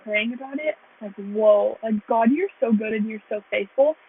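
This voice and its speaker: Young woman, husky, tinny phone sound. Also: a little high, moderate pace. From United States. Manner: earnest, rambling, heavy use of "like". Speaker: vlogger sharing her testimony. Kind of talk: casual faith testimony.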